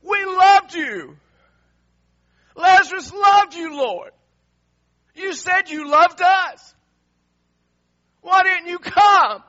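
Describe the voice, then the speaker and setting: A man preaching while voicing a grieving woman who pleads, reproaches and shouts through tears. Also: extremely high pitch, expressive, extremely slow, long pauses, highs cut off, voice pushed up, full character voice. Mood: anguished.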